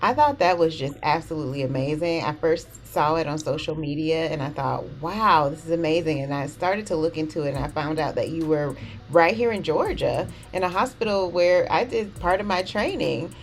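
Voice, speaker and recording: A woman's voice: sits low, moderate pace, a little hiss or hum, poor audio. A woman physician hosting an interview, enthusiastic and full of praise for her guest. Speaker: physician podcast host.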